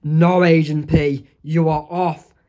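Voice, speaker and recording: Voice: medium pitch, level tone, takes it slowly, mellow, highs cut off, close to an everyday voice. A reader voicing a stern male spy chief from a comic strip, read plainly. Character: stern spy chief man giving orders.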